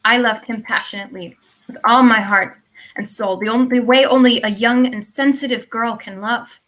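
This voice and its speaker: A proud young widow declaims with theatrical indignation, as an actress reads her. Her voice rings bright and sits a little high. A woman in a staged reading over a video call. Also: fairly even intonation, moderate pace, close to an everyday voice, poor audio. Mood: scornful. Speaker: actor in a live online reading. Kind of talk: stage play read aloud.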